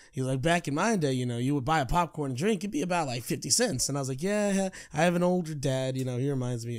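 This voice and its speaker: A man's voice: mid-range voice, smooth. Young man, laughing podcast co-host. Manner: storytelling, laughs often. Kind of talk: casual chat.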